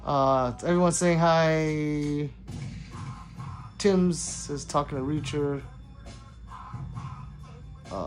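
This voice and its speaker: A man with a fairly high, animated voice hosts a casual livestream, reading out viewer comments and answering them with easy laughs. Faint music plays low behind him. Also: drawn-out words, pauses often. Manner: chatty, laughs often, reads comments aloud in a lively voice. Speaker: livestream host reading chat.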